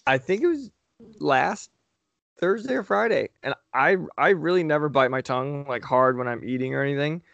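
A man's voice: a little high, moderate pace, vocal fry, a bit bright, dry recording, highs cut off. A man co-hosting a podcast, telling stories in a profane, emphatic way during casual banter. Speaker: podcast co-host.

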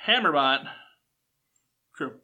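Bright-voiced male game master. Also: fairly high pitch, expressive, takes it slowly. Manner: loose, chatty narration with many fillers. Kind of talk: narrating a tabletop game.

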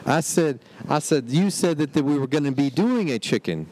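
A man co-hosting a casual podcast, animated and teasing as he argues with his friend while riding in a vehicle. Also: fairly high pitch, moderate pace. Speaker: podcast co-host. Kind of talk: casual chat. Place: moving vehicle. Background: road noise.

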